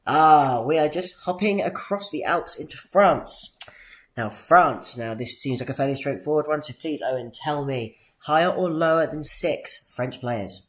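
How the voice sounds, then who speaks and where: Man hosting a mock quiz show. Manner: theatrical, drawn-out announcements with sudden high-pitched jingles. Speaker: podcast host running a quiz.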